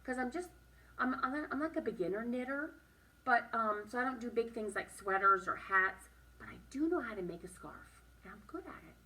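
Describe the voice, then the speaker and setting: A woman teaching a writing and drawing lesson to young children, speaking slowly and encouragingly and stressing each word. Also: on the high side, lively intonation, bright, forceful tone, recorded from a distance.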